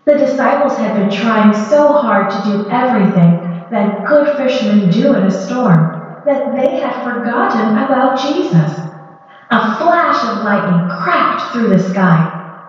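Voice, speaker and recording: Slow woman reading a children's story. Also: on the high side. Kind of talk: children's Bible story narration. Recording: echoey hall, dull lo-fi.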